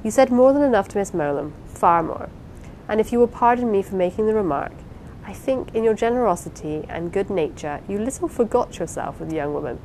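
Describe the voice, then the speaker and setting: A reserved young husband lectures in measured, formal phrases, gently reproving, as a woman reads his lines. The voice stays in an ordinary middle range. A faint low rumble sits under the audiobook recording. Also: animated, natural voice, rough recording. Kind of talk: audiobook character reading.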